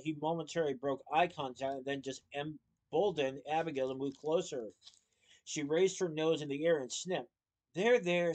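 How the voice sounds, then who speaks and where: Man reading a storybook aloud. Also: on the high side. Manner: lively with small slips and asides.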